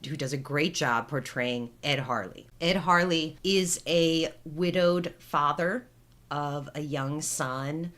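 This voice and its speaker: Low-voiced woman in her forties. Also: slow, a bit bright. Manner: chatty storytelling, retelling film scenes. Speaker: podcast co-host. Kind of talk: casual chat.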